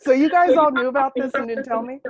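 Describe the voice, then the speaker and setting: A woman's voice: high voice, quick pace, dull audio. A woman co-hosting a podcast, giggly and playful in casual chat. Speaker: podcast co-host.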